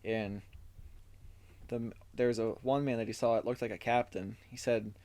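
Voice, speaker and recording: A man's voice: mid-range voice, steady tone, moderate pace, a little mellow. A man co-hosting a podcast, telling a story in casual chat, loose and full of fillers as he reads through his notes. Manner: recaps from notes and reads quotes aloud. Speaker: podcast co-host.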